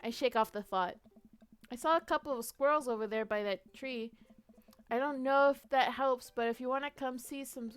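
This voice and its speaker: A woman's voice: sits high, smooth. A young woman streaming a detective role-play game, narrating her moves playfully and laughing easily over faint music. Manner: playful, quick to laugh, reads out story text.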